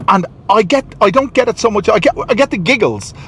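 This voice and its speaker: A man records a walking vlog on a handheld camera, out on a city street and in his car, rambling, repeating himself, and sounding pleased with himself. His voice is high-pitched, expressive, a bit bright, and husky, and he speaks briskly.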